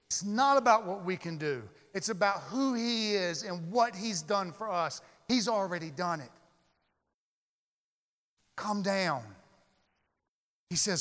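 High-voiced preacher in a reverberant hall. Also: male voice, a bit bright. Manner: emphatic, with dramatic pauses and slowed key words. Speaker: pastor. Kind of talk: sermon.

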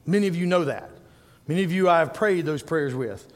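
A middle-aged man preaching a sermon as pastor, telling animated stories and rising to loud emphasis. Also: fairly high pitch, brisk, big-room sound.

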